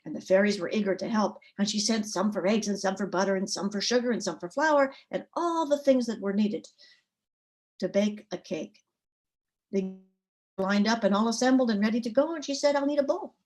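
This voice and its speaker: Expressive woman storyteller telling a folk tale. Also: medium pitch, moderate pace. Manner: expressive, rhythmic storytelling cadence.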